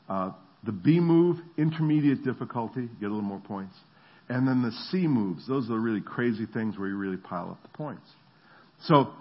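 Husky middle-aged pastor guy, lively storytelling sermon, kinda dull lo-fi audio. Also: medium pitch. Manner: animated storytelling, acts out voices.

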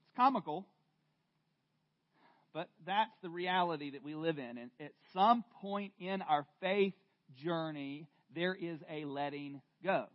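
A male pastor with a fairly high voice delivers a sermon slowly and earnestly, pausing and restarting as he goes. He speaks to a room of listeners. The recording is dull and lo-fi. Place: church room with congregation.

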